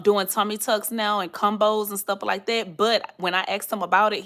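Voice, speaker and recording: Chatty bright-voiced woman vlogger. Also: medium pitch. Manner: chatty, animated, acts out quoted people. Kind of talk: casual storytelling to viewers.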